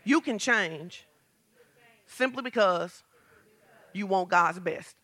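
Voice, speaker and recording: A woman pastor preaching a lively sermon, asking the congregation questions and building to shouts. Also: mid-range voice, slow pace. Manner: talks straight to the congregation with questions.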